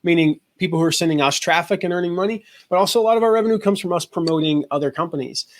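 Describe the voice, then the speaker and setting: Animated man telling a story. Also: high-pitched, very fast. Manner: animated storyteller acting out quoted voices. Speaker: guest, affiliate marketing expert. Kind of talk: storytelling in a podcast interview.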